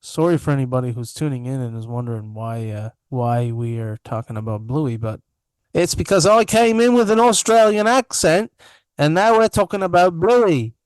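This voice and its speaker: A man's voice: mid-range voice, animated, moderate pace, clean tone, no room sound. A young man co-hosting a podcast remotely from his bedroom, chatting with sarcastic, self-deprecating humor. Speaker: podcast co-host. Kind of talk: casual chat over video call. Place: home master bedroom. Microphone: remote video-call mic.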